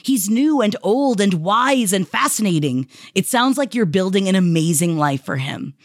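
Expressive woman podcast host reading shout-outs. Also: normal speed, dry recording, clean studio sound. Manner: warm, emotional, heartfelt delivery with sudden pitch swings.

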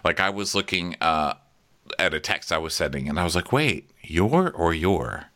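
A man's voice: low voice, animated, moderate pace, sharp tone. A man co-hosting a podcast, recapping a reality show in playful casual chat and acting out cast members' lines. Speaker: podcast co-host.

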